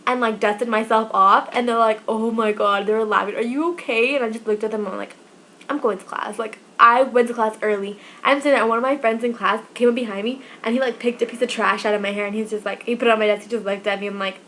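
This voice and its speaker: A woman of twenty-one telling personal stories in a chatty, animated vlog, acting out quoted dialogue as she goes. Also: a little high, fast. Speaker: vlogger. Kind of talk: casual storytelling vlog.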